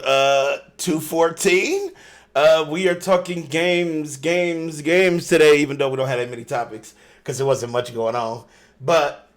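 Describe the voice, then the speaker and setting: A male podcast host in casual chat, slightly high-pitched. He tells stories with animated energy. He swears freely and laughs often.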